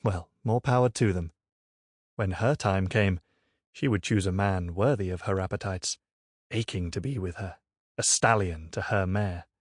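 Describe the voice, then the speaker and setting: A man's voice: low voice, measured pace, no echo, studio quality. A man voicing a bold, spirited young village woman in an audiobook, mocking with crow cries and musing wryly to herself. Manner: mocking crow cries, then wry hushed inner musing.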